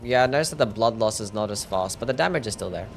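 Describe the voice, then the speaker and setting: A man's voice: lowish voice, expressive, quick pace, vocal fry, a little hiss or hum. A young Australian man casually commentating a live game stream, answering chat questions and swearing freely.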